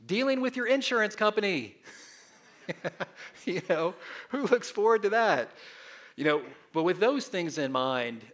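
A man in his fifties preaching a sermon as pastor, animated and leading the congregation in call-and-response. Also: mid-range voice.

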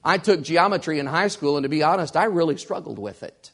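A pastor, a man, preaching with emphatic, deliberate delivery. His voice sits a little higher than most men's, and he leans hard on his key lines, repeating them for weight. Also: a bit bright. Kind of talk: sermon.

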